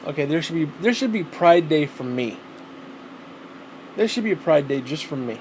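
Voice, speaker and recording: A man's voice: fairly high pitch, expressive, moderate pace, darkish tone, a little hiss or hum, rough recording. A man talking casually to the camera at home, rambling and swearing freely. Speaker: vlogger.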